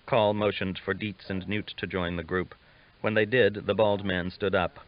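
A man reading a novel aloud as an audiobook narrator, steady and measured, on a dull lo-fi recording. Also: low voice. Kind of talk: scripted narration.

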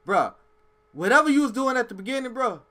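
A man's voice: very high-pitched, brisk, a little hiss or hum. A man hosting a music reaction video, giving blunt, emphatic opinions in casual street slang. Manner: animated, emphatic street slang, says "bro" often.

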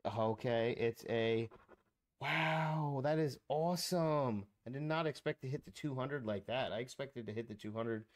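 A man's voice: medium pitch, unhurried. A man hosting a scratch-off ticket channel, commenting casually and exclaiming as he counts numbers aloud. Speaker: lottery scratch-off channel host.

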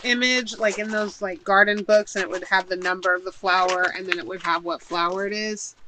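A woman's voice: mid-range voice, fairly even intonation, a little fast, background noise. A woman chatting casually while unboxing a shopping haul at home, gushing and thinking aloud as she unpacks. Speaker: haul vlogger.

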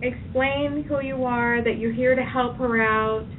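A woman practitioner calmly guiding a client through a tapping session, giving phrases to repeat. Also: fairly high pitch, measured pace, slight background noise. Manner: calm, directive, leads phrases to repeat. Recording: tinny phone line from a distance.

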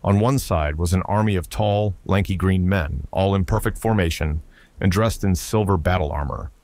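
A man narrating a science fiction story with a steady, even delivery. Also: low-pitched, normal speed, no room sound. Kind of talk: scripted narration.

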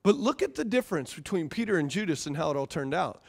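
A man pastor preaching a sermon in a conversational, animated way, often repeating his phrases. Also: a little high, quick pace, vocal fry, slightly rough.

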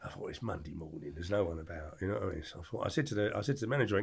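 A middle-aged man telling animated anecdotes as a podcast guest, acting out the quotes in his stories. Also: low voice, rapid-fire, creaky, slightly rough. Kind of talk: casual storytelling.

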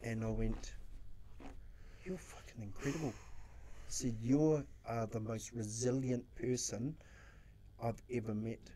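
A man's voice: mid-range voice, fairly even intonation, slow, mellow, a little hiss or hum. A New man, a social worker, telling stories in a casual interview, acting out his own quotes and swearing freely. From New Zealand.

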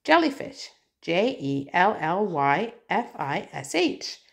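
A mother reads through an alphabet workbook with her child, spelling each word out letter by letter. Her voice sits a little low and carries a gravelly edge, and she takes her time, repeating back whatever the child prompts. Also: sing-song, takes it slowly.

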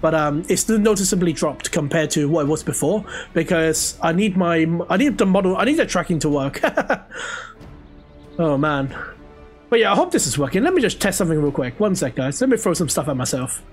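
A young man streaming a game, chatting casually with viewers and reacting excitedly as he plays. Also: on the high side, brisk, faint music behind. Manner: chatty, excitable, talks to chat while playing. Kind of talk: casual live gameplay commentary.

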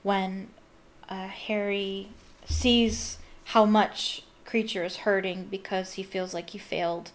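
A woman's voice: mid-range voice, little pitch movement, slow. A woman reading aloud and chatting casually about a book, enthusiastic and rambling with lots of fillers. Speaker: book reader and fan commentator.

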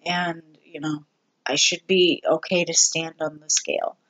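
A vlogger giving a candid personal update, talking slowly and haltingly with many ums and restarts. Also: mid-range voice, little pitch movement, fairly bright tone. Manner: candid and self-deprecating. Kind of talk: casual personal health update.

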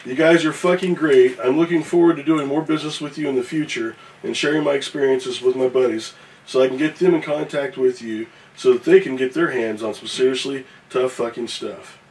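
A man's voice: mid-range voice, a little fast, darkish tone, recorded from a distance, slight background noise, rough recording. A man on a casual morning show reading a viewer's email aloud, cursing and joking as he stumbles through it. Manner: profane, joking, reads with stumbles.

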